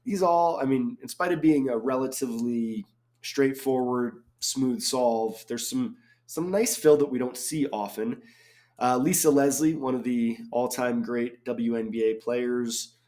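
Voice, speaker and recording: A man's voice: mid-range voice, a little slow, dark tone. A man in his forties, a chatty crossword solver who thinks aloud and wanders off on tangents, full of ums. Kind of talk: casual solo commentary while solving.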